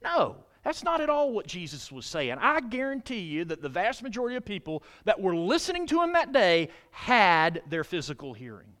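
High, lively-voiced male preacher. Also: normal speed, few pauses. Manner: animated preaching, rising to emphatic peaks and dropping low; addresses the congregation with questions. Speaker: pastor. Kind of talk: sermon. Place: church.

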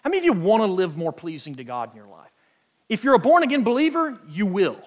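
A man preaching a sermon, emphatic and quoting scripture, stretching key words out slowly for weight. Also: high voice, huge pitch swings, muffled recording. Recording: long hall reverb.

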